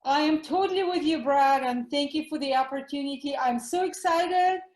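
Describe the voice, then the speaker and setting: A woman's voice: high-pitched, normal speed, a little mellow, reverberant, low-quality recording. Eager middle-aged woman with a Russian accent. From former Soviet Union. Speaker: guest doctor. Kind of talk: interview over the line.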